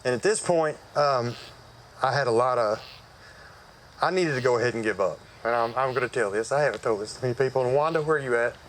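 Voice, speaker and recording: A man's voice: mid-range voice, fairly quick, slight background noise, rough recording. A man gives a personal church testimony outdoors. He tells it in a folksy, conversational way with frequent fillers. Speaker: church member giving testimony. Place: outdoor worship service.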